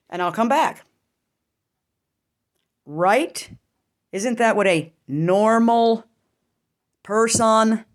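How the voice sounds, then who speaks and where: A middle-aged woman vlogger telling a raw personal story, intense and profane, full of rhetorical questions. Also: on the low side.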